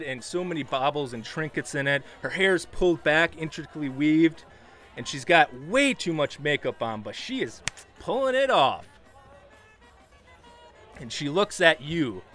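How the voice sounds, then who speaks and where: A man running a tabletop game as dungeon master, narrating scenes casually with fillers. His voice sits a little high and rings bright.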